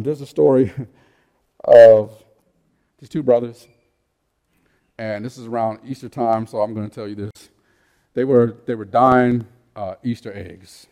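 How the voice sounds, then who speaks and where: A man preaching a sermon in a conversational way, telling stories, asking rhetorical questions, and swinging between loud emphatic peaks and quiet, low asides. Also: steady tone, measured pace, long pauses, big-room sound. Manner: rhetorical questions and repeated phrases. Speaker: pastor.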